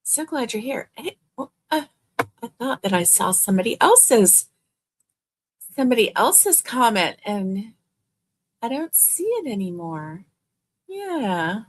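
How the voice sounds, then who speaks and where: A woman's voice: fairly high pitch, very animated, takes it slowly, pauses often, a little hiss or hum. An older woman hosting a crochet live stream, chatting in a gushing, friendly way and laughing easily. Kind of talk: casual live stream chat.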